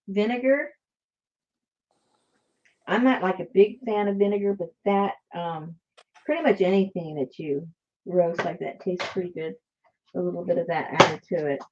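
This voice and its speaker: A woman's voice: mid-range voice, normal speed, dry recording, muffled recording. A woman hosting a casual live chat about crafts, telling stories with lots of animation. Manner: animated storytelling with laughs. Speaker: host.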